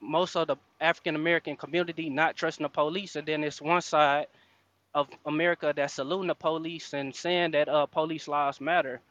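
Earnest guy, bright pushy voice, lots of uh's, kinda muffled lo-fi sound. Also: fairly high pitch, fairly even intonation. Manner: halting, many uh fillers, insistent. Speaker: room speaker. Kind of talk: earnest personal account in a live audio chat room.

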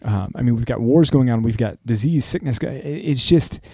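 A man's voice: mid-range voice, normal speed, dark tone, dry recording, studio quality. A man co-hosting a Bible podcast, moving from joking banter to earnest teaching about Scripture. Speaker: podcast co-host. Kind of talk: casual Bible-reading podcast chat.

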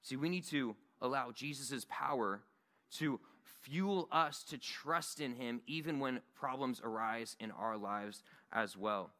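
A man's voice: mid-range voice, a little slow, sharp tone. A man giving a sermon at a Bible study in a church meeting room, earnest and conversational.

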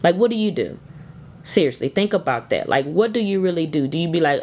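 A woman's voice: low voice, sing-song, a little fast, a little mellow. A woman giving an informal devotional talk, earnest and conversational as she urges her listeners on. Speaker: devotional speaker.

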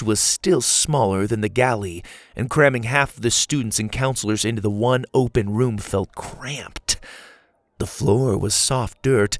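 A man giving scripted storybook narration in an even, clear storytelling delivery on a close studio mic. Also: medium pitch, dry recording. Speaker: audiobook narrator.

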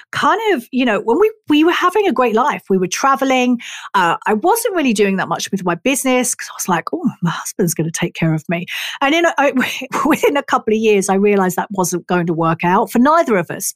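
Woman, middle-aged, frank, expressive storyteller, swears freely, dry close sound. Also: mid-range voice, dry recording. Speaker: talk therapist and body worker. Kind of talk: personal storytelling.

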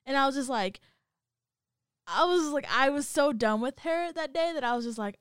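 A woman in casual chat, telling a story in an animated way, acting out what others said and laughing often. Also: sits high, moderate pace, dry recording, clean studio sound.

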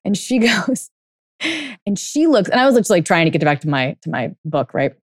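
A woman's voice: lowish voice, sing-song, moderate pace, no room sound, studio quality. A woman coach telling a story in a casual monologue, full of fillers, then turning blunt and emphatic, with some swearing. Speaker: dating and life coach.

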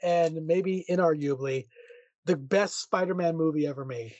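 A man's voice: on the high side, normal speed, a little mellow, dry recording. A man co-hosting a podcast, talking about movies in an enthusiastic, laid-back way. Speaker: podcast co-host. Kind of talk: casual movie chat. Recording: dry dull lo-fi mic.

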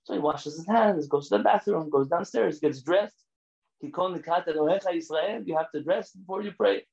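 Animated high-voiced man teaching a class. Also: moderate pace, creaky, muffled recording. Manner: animated, emphatic, rises to near shouts. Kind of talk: lecture with storytelling.

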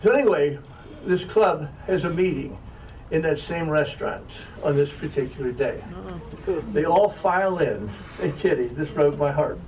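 A man's voice: on the high side, normal speed, a little mellow. An older man telling wry, self-mocking stories to an audience as an author. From American South. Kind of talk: humorous storytelling talk. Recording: distant mic, faint room noise.

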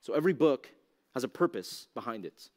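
Man, youth pastor, laid-back teaching talk, mid-pitched voice, lots of "like", rhetorical questions. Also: big pitch swings, a little fast. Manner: casual, conversational, heavy use of "like"; asks the audience rhetorical questions.

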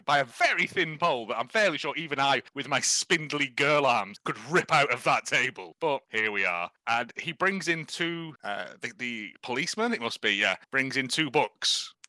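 A man's voice: mid-range voice, expressive, moderate pace, few pauses, sharp tone, dry recording. A man co-hosting a podcast, telling a film's plot in a jokey, playful way. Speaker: podcast co-host. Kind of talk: casual chat reviewing a film.

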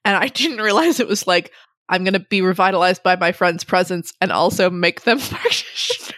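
A woman's voice: on the low side, lively intonation, brisk, fairly bright tone, no room sound, clean studio sound. A woman in casual chat about a book, rambling and laughing often as she retells scenes. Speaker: book podcast co-host.

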